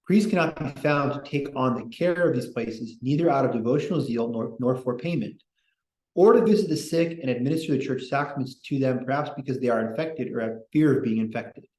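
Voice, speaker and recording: A man's voice: mid-range voice, fairly quick, darkish tone. A man hosting a casual history podcast, reading quotes aloud with opinionated, digressive asides. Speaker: podcast host. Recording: echoey room.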